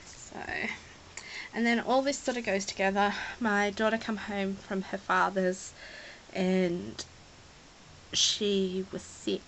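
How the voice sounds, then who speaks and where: A woman's voice: mid-range voice, flat delivery, slow pace, a bit bright, a little hiss or hum, low-quality recording. An Australian woman chatting casually as she shows a scrapbook, rambling, apologetic and at times close to tears. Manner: emotional, near tears at times. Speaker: scrapbooking vlogger. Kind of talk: casual chat showing a scrapbook.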